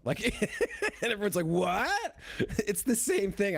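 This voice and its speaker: Animated profane ranting man. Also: high voice, normal speed, creaky. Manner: animated, profane, mocking voices. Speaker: podcast co-host. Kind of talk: ranting casual chat.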